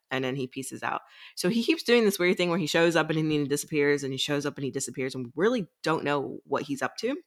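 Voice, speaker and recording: A woman's voice: sits low, lively intonation, a little fast, fairly bright tone. A young woman co-hosting a book podcast, casually recapping the plot and acting out lines. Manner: chatty, recaps plot with quoted voices and laughs. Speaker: podcast co-host.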